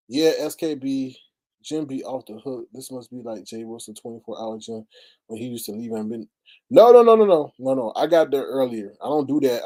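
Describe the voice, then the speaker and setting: Male streamer, casual chat, lively storytelling voice that jumps up high on punchlines, mid-range pitch. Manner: animated storytelling with big pitch swings and exclamations. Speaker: livestream host. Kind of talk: casual venting livestream chat. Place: at home by a computer, streaming live.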